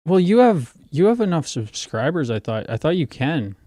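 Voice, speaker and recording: A man's voice: a little high, sing-song, normal speed, mellow, no echo, clean studio sound. A man hosting a casual livestream, chatting loosely with callers and swearing freely. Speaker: livestream host.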